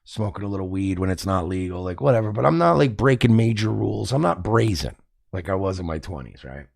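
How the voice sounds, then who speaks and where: Brief: profane rambling streamer, man, gravelly voice, lively up-and-down delivery. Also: fairly low pitch, brisk. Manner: profane, rambling, acts out scenarios. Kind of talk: rambling monologue.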